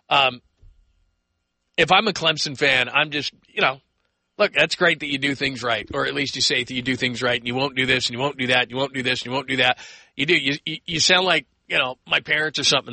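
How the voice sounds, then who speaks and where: An American man hosting a call-in sports radio show, talking in an energetic, rambling way and taking calls. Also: mid-range voice, vocal fry, dry recording. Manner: energetic, rambling, acts out quoted voices.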